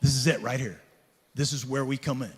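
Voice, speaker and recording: Guy giving a punchy sales talk, husky and kinda high, big echoey hall. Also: a little fast. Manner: punchy storytelling, acts out dialogue. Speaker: conference speaker. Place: large conference hall.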